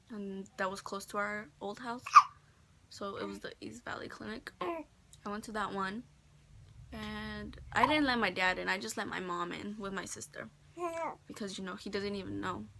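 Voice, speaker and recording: This teen vlogger recounts something that happened to her, chatty and leaning on "like," quoting others in her own voice from a friend's bedroom. She has a medium-pitched voice with vocal fry and a sharp tone, over slight background noise.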